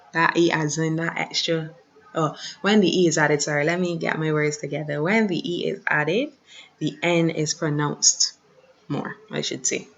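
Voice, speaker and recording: A woman teacher, patiently running an online French lesson and repeating words slowly, recorded on a computer mic. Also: low-pitched, vocal fry, dull audio. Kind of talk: online lesson over shared slides.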